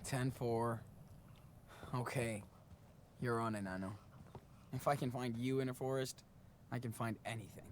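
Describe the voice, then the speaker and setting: A man voicing a calm, protective big brother. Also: medium pitch, a little slow, long pauses, slight background noise, lightly acted. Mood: reassuring. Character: teenage older brother, steady and protective. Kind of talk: video game dialogue.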